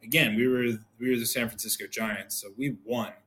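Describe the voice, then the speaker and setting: A man's voice: mid-range voice, a little fast. A man in his thirties, a guest on a podcast, telling stories casually and acting out the lines of people he quotes. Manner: animated, acts out quoted dialogue. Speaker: podcast guest, former pro pitcher. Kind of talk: casual storytelling.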